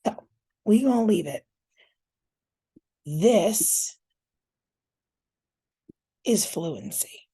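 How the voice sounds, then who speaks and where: A woman's voice: mid-range voice, expressive, drawn-out words, pauses often, dark tone, husky. A woman teacher walking viewers through scoring a reading fluency test, chatty and casual, thinking aloud as she works on screen. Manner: casual, chatty, talks to viewers as you guys.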